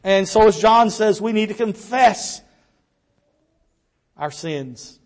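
A man preaching a sermon earnestly, with rhetorical questions and quiet trailing endings. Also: sits high, animated, takes it slowly.

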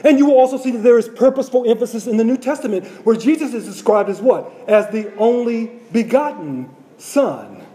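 A man delivers a sermon in a high, mellow voice. He repeats key phrases for emphasis and poses rhetorical questions to his listeners. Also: expressive, fairly quick, hardly any pauses. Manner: repetitive, rhetorical questions to congregation. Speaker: preacher.

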